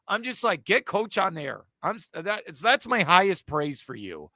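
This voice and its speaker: A man hosting a sports talk show, ranting excitedly and correcting himself as he goes. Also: sits high, moderate pace, hardly any pauses, no room sound. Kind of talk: casual sports chat.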